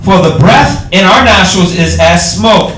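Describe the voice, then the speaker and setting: A man teaching scripture to a small group, switching into higher mocking voices to act out worldly talk. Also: measured pace, a little hiss or hum. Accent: Southern US. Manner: animated, mocks worldly voices in a higher pitch. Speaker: teacher of a religious study group. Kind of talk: street-style scripture teaching. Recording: echoey room, mic at a distance.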